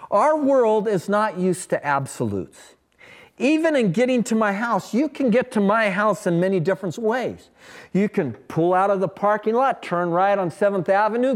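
A man pastor preaching a sermon in a folksy, emphatic way with humorous asides, speaking from a church sanctuary. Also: sits high.

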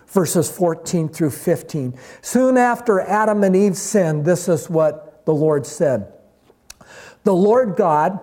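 A man preaching a sermon, slow and emphatic, rising on key words and dropping low at the ends of phrases. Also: mellow. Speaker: pastor.

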